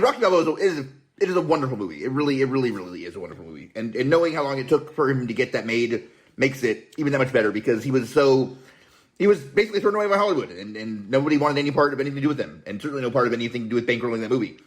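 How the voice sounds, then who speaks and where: Man, casual podcast chat, earnest, repeats words, quick pace. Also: medium pitch, sing-song. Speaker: podcast guest.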